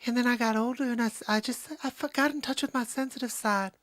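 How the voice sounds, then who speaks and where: A man voicing a gentle, soft-spoken male pop star, hesitant and breathy. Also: very high-pitched, fairly even intonation, quick pace, no room sound, voice pushed up. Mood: shy.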